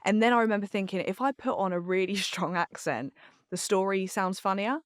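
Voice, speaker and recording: A woman's voice: mid-range voice, a little fast, dry recording. A woman, chatting candidly as a podcast guest in a studio, rambling with fillers. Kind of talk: casual chat.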